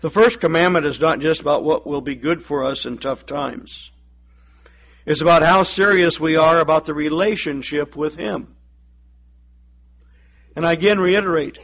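A pastor with a slightly high voice, heard through lo-fi sound, tells a joke during his sermon and acts out the voices of its characters.

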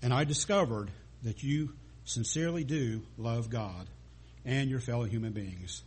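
A man voicing a kindly king with a twinkle, explaining gently and slightly husky. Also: medium pitch, unhurried. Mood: gentle.

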